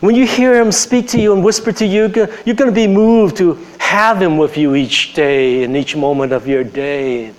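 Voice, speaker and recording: Earnest man preaching, soft hushed turns. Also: sits high, fairly even intonation, normal speed, hardly any pauses, low-quality recording. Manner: earnest, drops to a soft hush on tender lines; conversational asides, repeats phrases. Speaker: pastor. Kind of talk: sermon.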